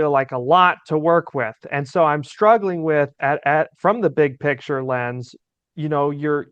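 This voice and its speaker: Male host, slightly higher and smooth, easygoing interviewer, dry, dull recording. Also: no room sound. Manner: curious, asks long winding questions. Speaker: podcast host. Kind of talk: casual interview. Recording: dull lo-fi audio.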